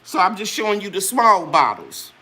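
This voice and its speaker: A husky, medium-pitched female voice, very animated, moves at normal speed with a bright, forceful tone. She is an older host selling her own products, and in her live chat she first delivers an earnest, preachy testimony of faith directly to viewers.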